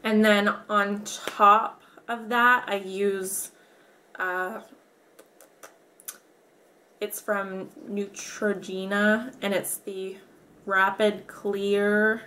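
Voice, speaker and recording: A young woman talks through her skincare routine at an unhurried pace. Her voice sits at an ordinary middle pitch, and she pauses and restarts often, dropping soft laughs between casual remarks. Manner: halting, with fillers and soft laughs. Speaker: beauty vlogger.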